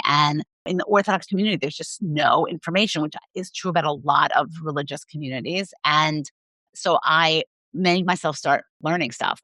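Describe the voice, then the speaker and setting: A woman's voice: low-pitched, fairly bright tone, dry recording. A woman sex therapist speaking frankly as a guest on an interview podcast, telling personal stories in a candid, open way.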